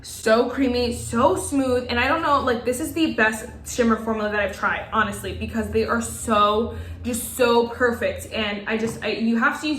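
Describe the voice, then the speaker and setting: Young woman, casual makeup vlog, gushing, excitable, fairly high voice, echoey room. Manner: gushing, excitable, talks to the viewers. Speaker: beauty vlogger.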